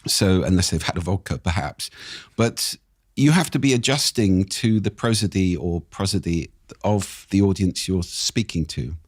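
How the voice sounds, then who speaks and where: Deep-voiced man, slightly croaky, dry. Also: no room sound. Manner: measured, explains with examples and anecdotes. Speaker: speaking expert, podcast guest. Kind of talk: explanatory interview talk. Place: podcast studio.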